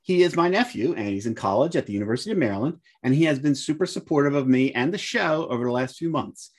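A man's voice: medium pitch, animated, fast. A man co-hosting a podcast, reading listener mail with wry asides and frequent chuckles. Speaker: podcast co-host.

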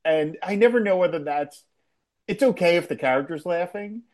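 Man, fairly high voice, animated, laughs a lot, podcast co-host. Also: moderate pace. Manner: animated, laughs often, acts out quoted lines. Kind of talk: casual chat recapping a TV episode.

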